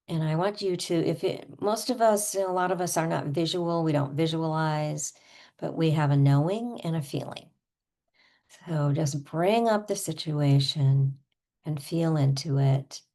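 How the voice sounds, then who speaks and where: A middle-aged woman leads a guided tapping lesson in a calm, instructional way. Her voice sits low and moves slowly, with a gravelly edge. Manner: calm instructional, with acted frustrated tapping phrases. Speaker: EFT tapping coach.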